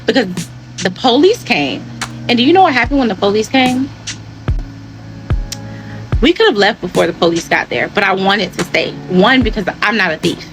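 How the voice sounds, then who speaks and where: A woman's voice: normal speed, long pauses. Woman retelling a story, faint music. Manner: animated retelling, acts out dialogue in a higher voice. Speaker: teacher. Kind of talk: storytime vlog, recounting an incident.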